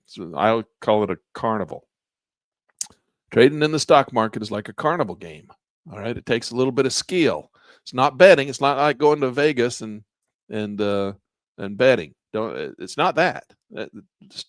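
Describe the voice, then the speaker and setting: A man's voice: medium pitch, animated, normal speed, no room sound, studio quality. A man teaching a live online trading class in a casual, folksy way while pointing at charts. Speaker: trading instructor.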